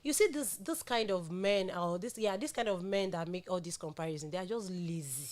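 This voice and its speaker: A woman's voice: fairly low pitch, fairly quick. A young woman from Ekiti State with a Nigerian accent, co-hosting a gospel radio show in a playful, laughing way and mixing in Yoruba and pidgin. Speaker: radio co-host. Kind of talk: lively gospel radio banter.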